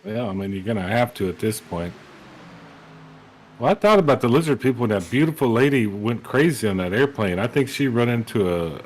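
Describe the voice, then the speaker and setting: A man's voice: medium pitch, lively intonation, fairly quick, darkish tone, rough recording. A man doing color commentary on a sim race broadcast, rambling and joking in a laid-back way.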